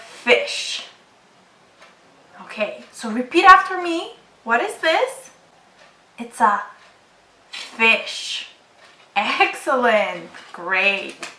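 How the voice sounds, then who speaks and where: A woman teaching a phonics lesson to children, speaking slowly with clear, encouraging enunciation. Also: on the high side, sharp tone, roomy sound, far from the mic. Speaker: English teacher.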